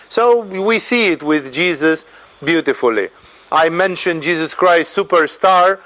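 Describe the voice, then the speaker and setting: Guy teaching about spirituality, kinda high voice, animated, keeps saying "no?" and "you know". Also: poor audio. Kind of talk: informal spiritual lecture.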